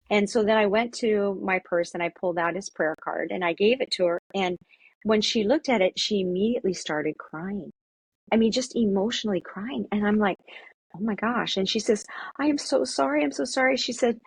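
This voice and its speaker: A woman's voice: medium pitch, breathy edge, dry recording. A middle-aged woman, an interview guest and mother, telling stories in a casual, earnest way with many restarts. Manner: earnest, halting, lots of restarts. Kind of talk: casual storytelling.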